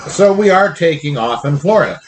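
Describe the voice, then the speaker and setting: A woman's voice: low voice, lively intonation, a little fast, slight background noise, rough recording. A woman co-hosting a casual podcast, trading crude jokes and wry one-liners. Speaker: podcast co-host.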